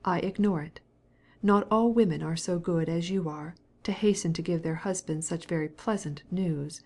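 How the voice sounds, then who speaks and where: A woman's voice: lowish voice, moderate pace. A woman voicing a cold, formal, resentful middle-aged husband in an audiobook, speaking in a clipped, cold way.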